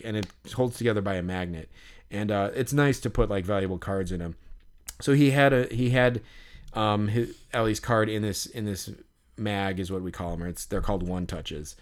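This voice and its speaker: Man with a smooth, resonant voice. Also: on the low side, normal speed. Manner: animated, rambling, frequent fillers and casual swearing. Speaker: podcast co-host. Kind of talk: casual storytelling chat.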